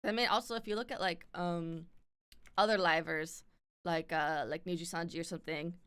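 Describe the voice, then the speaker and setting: Woman streamer, standard North American accent, slight lisp, rambling casual chat full of fillers and offhand swearing, crisp tone. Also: fairly low pitch, steady tone, normal speed, a bit bright. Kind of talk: casual chat with live viewers.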